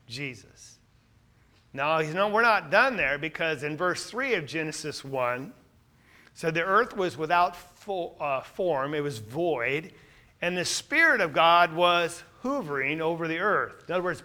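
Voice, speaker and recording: A man teaching the Bible in a sermon style, emphatic and animated, swinging from loud declarations to quiet asides. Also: sits high.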